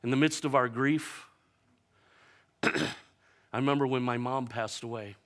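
A man preaching a sermon as pastor, telling stories animatedly and slowing down for emphatic, repeated lines. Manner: animated storytelling, acting out quoted voices with big jumps in pitch and loudness; preaching with slow, emphatic repetition.

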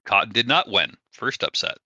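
A man's voice: lowish voice, animated, normal speed, pushed and bright, no room sound, highs cut off. A man co-hosting a casual chat, recapping scores in a wry, matter-of-fact way. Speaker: co-host.

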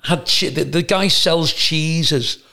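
Gravelly guy on a podcast, blunt, swears a lot, chatty storyteller. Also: on the high side, slow, sharp tone. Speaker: comedian and podcast host. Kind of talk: casual podcast chat.

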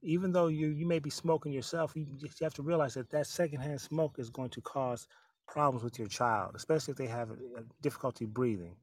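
Male co-host, measured and explanatory, dry close sound. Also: medium pitch, a little mellow, no echo. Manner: measured, explanatory, some hesitations. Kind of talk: casual health talk.

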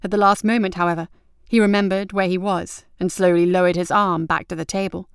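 A woman reading a novel aloud as an audiobook narrator in measured, even storytelling. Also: on the low side, clean tone, no echo, clean studio sound. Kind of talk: scripted narration.

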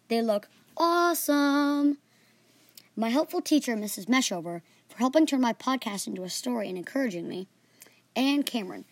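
A girl hosting her own storytelling podcast, reading in an earnest, animated way with small slips. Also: mid-range voice, husky, dry recording.

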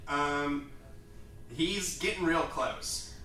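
A man runs a tabletop game in a loose, halting way, full of fillers. His voice is bright and forward. The sound is echoey and roomy, with the mic some way off. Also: fairly high pitch. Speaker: game master. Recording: echoey room, distant mic.

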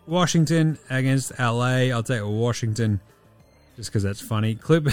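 A man's voice: fairly high pitch, normal speed, faint music behind. Sweary, laid-back Australian man with a tired voice. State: voice tired, giving out. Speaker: podcast host. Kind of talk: casual sports podcast picks.

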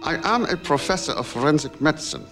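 A man doing a mock German accent while voicing a hangdog older male hitman doctor who threatens in a stiff, deadpan way during casual podcast talk. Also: a little high, quick pace, over music. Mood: deadpan menace. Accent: German, put on. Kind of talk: podcast movie impression.

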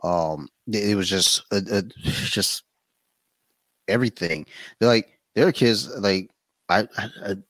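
A man chatting casually as a podcast guest, telling blunt, profane stories with animated quoted asides. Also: fairly low pitch, a little slow, no room sound. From Saudi Arabia.

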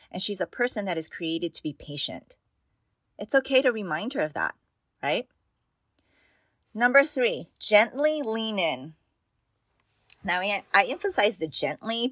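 A woman's voice: medium pitch, fairly bright tone, dry recording, clean studio sound. A woman hosting a parenting talk for mothers. She speaks in an earnest, encouraging way, repeats key phrases and often asks "right?". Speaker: parenting podcast host for mothers. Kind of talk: casual advice talk.

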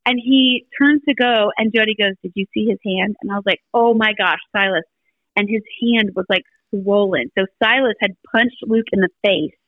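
A woman's voice: medium pitch, normal speed, no echo, narrow, tinny audio. A middle-aged woman, a podcast guest, telling family stories in a casual chat and acting out the voices of the people in them. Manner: animated storyteller acting out family dialogue.

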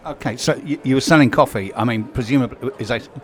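A man's voice: medium pitch, fast talker. A man hosting a casual interview, chatty and enthusiastic, talking into a handheld microphone. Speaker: host. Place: trade show hall. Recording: busy crowd chatter behind.

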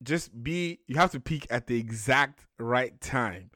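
A man's voice: mid-range voice, animated, measured pace, bright, forceful tone, no room sound, studio quality. A young man from Nigeria, co-hosting a casual chat, joking and emphatic. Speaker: podcast co-host.

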